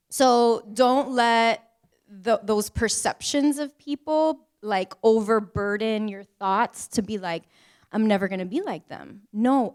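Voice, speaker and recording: Chatty woman on a panel, smooth voice, says like a lot. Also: mid-range voice. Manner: chatty, many "like" fillers, laughs between points. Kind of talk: casual panel talk.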